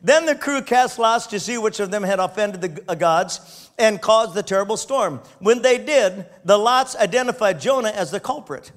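A man's voice: high voice, normal speed. A man preaching a sermon, reading scripture aloud and breaking off to comment with frequent laughter.

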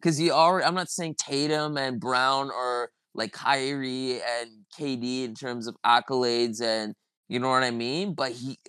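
A man's voice: mid-range voice, fairly bright tone, smooth, dry recording. A man hosting a podcast, ranting about basketball in a heated, profane, rambling way. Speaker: podcast host. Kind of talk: casual sports chat.

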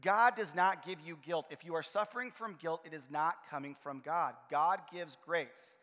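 A man preaching a sermon as pastor of his church, telling stories in an animated way. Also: fairly high pitch, normal speed. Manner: animated storytelling, acts out his own frustration. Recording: long hall reverb.

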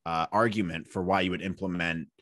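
A playful man riffs through a relaxed podcast conversation, his voice leaping up whenever he gets excited and breaking into laughter. The sound is close and dry, with no room around it. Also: low-pitched, a little fast, dry recording. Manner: joking, animated, jumps into silly voices and laughs. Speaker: podcast co-host. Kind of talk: casual chat.

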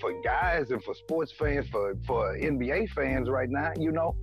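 A man from St. Louis, speaking in a casual, halting and reflective way on a podcast. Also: medium pitch, faint music behind. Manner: halting, reflective, lots of restarts. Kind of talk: casual chat.

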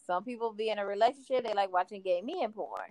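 A woman's voice: medium pitch, fast, darkish tone, no room sound. A woman in casual conversation, speaking in a matter-of-fact, teasing way. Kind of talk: casual chat.

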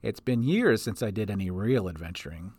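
A man voicing an older grandmother and former adventurer, speaking low and fondly. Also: lively intonation, a little fast, a little mellow, no room sound. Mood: reminiscing. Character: old woman, a grandmother and retired adventurer, warm and wistful.

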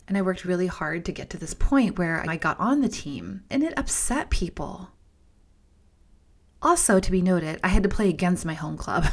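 A woman's voice: mid-range voice, animated, brisk. Candid woman telling a personal story. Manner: candid, emphatic, repeats words for stress, drops into whispers; addresses listeners as "you guys". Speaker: podcast host.

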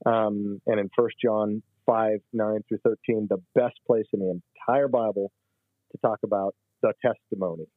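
A man's voice: lowish voice, fairly even intonation, moderate pace, dry recording. Man on a tinny phone line. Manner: teaching, emphatic explanations. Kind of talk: religious discussion.

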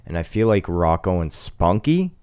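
A man co-hosting a casual podcast from a home studio, enthusiastic and quick to laugh. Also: deep voice, sing-song, dark tone, clean tone, no echo. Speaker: podcast co-host.

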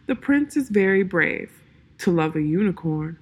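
A woman voicing a proud, sleepy male cat who speaks slowly and softly in riddles, with a breathy voice. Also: fairly low pitch, lively intonation. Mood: aloof, solemn. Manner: slow, soft, sleepy drawl.

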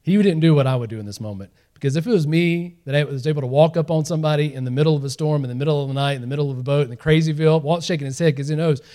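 A man preaching a sermon, telling the story in an animated way, acting out the scenes and laughing along. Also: a little high, racing, hardly any pauses. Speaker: pastor.

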